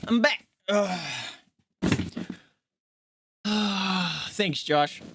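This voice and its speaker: A streamer with a mid-range voice talks extremely slowly over a noisy background while commentating a horror game live. He's jumpy and swears a lot, shrieking whenever something scares him and speaking straight to his chat.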